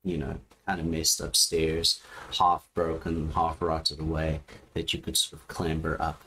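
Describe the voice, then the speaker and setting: A man narrates a tabletop horror game as game master, slow and low-pitched. He stalls and restarts often as he describes scenes. Faint noise sits under his voice on the call. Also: completely flat delivery, pushed and bright. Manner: halting, with many restarts and fillers.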